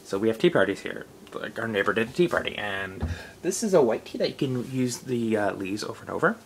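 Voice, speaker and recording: A man's voice: lowish voice, lively intonation, a little fast, creaky, slight background noise, poor audio. A young man, rambling loosely in a casual late-night vlog, full of fillers. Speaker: vlogger.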